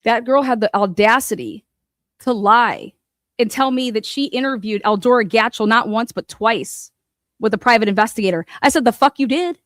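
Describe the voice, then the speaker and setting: A woman's voice: fairly high pitch, normal speed, fairly bright tone, no room sound, clean studio sound. Furious foul-mouthed woman ranting. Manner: furious, cursing, mocking. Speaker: true crime commentator. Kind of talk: angry profane rant.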